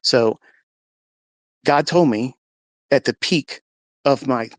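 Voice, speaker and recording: A man earnestly telling a personal faith story in a live audio room, his telling animated and emotional. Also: medium pitch, takes it slowly, no room sound. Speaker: speaker sharing a faith testimony. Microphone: phone in a live audio room.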